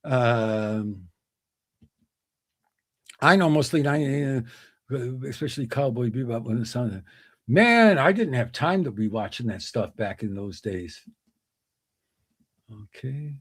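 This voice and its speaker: A man's voice: lively intonation, slow, long pauses, a bit bright, no room sound. Chatty man hosting a livestream. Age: middle-aged. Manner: chuckling, acts out joke voices with big pitch swings. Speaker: livestream host. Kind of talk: casual chat, reading viewer comments and telling jokes.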